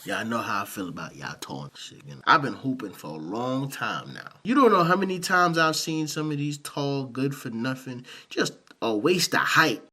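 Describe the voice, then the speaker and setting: A man's voice: medium pitch, animated, normal speed, few pauses, sharp tone. A man with a New York accent, casually commenting on viewer clips, slangy and joking, talking straight to his audience. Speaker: reaction video host.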